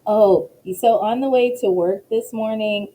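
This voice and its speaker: A woman professor as an interview guest, animated and laughing as she tells stories. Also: mid-range voice, unhurried, slight background noise, poor audio. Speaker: professor and associate dean, guest. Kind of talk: casual interview.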